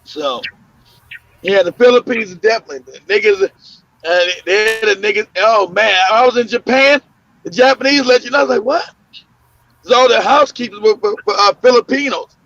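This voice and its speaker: Gravelly high-voiced man telling stories. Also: fairly quick, fairly bright tone, no room sound. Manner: loose, laughing, full of fillers and restarts. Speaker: podcast host. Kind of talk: casual conversational storytelling. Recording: muffled lo-fi audio.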